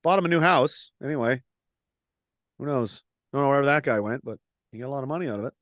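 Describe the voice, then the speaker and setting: A man's voice: medium pitch, fast talker, a bit bright, no room sound, studio quality. A man hosting a casual satirical talk stream, ranting and mocking with plenty of swearing. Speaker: host.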